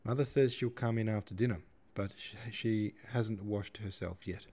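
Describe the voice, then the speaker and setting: A man's voice: on the low side, steady tone, normal speed, dark tone. A man doing a shy teenage girl. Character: shy fifteen-year-old girl.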